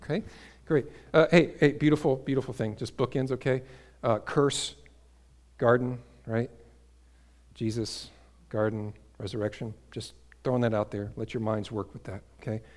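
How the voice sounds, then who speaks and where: A man preaching a sermon to a congregation, building to emphatic peaks and dropping to quiet asides, asking the listeners questions. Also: medium pitch. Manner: energetic, rises to emphatic peaks then drops to quiet asides. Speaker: pastor.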